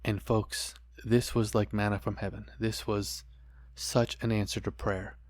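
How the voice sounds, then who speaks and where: A man's voice: fairly low pitch, flat delivery, measured pace, no room sound, studio quality. A middle-aged man hosting a podcast, earnestly sharing a personal testimony and preaching to his listeners with repeated phrases. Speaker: podcast host.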